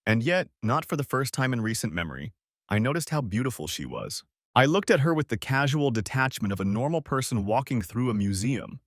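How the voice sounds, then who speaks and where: A man reads a first-person story in a measured, brooding way. His pitch moves a lot, and the recording is dry and close with no room sound. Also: no echo. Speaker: story narrator. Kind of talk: first-person audiobook narration.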